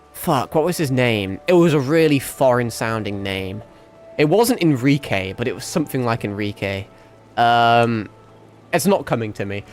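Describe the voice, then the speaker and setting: A young man with a mixed northern English accent, chatting casually to his livestream while gaming, rambling, swearing and laughing often. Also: mid-range voice. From England. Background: faint background music.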